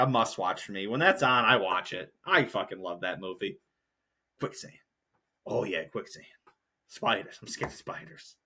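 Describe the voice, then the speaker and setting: A man's voice: mid-range voice, sharp tone. A young man hosting a solo podcast, ranting in a heated, profane, rambling way. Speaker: podcast host.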